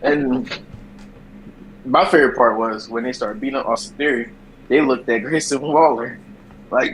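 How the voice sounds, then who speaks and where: A man co-hosting a casual wrestling talk show, telling stories and slipping into quick impressions. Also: mid-range voice, slight background noise, poor audio. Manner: animated storyteller, slips into mimicking voices. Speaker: podcast co-host.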